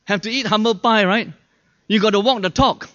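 A man's voice: high voice, a little fast, pushed and bright. A man preaching a sermon as pastor, chatty and full of rhetorical questions to the audience, often acting out the people he quotes. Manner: acts out quoted people in shifted voices. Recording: dull lo-fi sermon recording.

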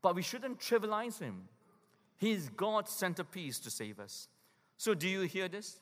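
A man preaching with a lively, swooping delivery, his voice pitched a little high. He presses hard on key words, then sinks into quiet, grave lows. A long hall reverb trails every phrase. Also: a little slow. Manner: emphatic preaching, swinging between loud urgency and hushed lows. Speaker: pastor. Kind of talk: sermon.

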